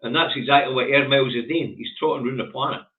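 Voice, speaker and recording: A man's voice: medium pitch, fast. A Scottish man hosting a casual current affairs show, blunt and sardonic, swearing freely. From Scotland. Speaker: host. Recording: tinny phone-like audio.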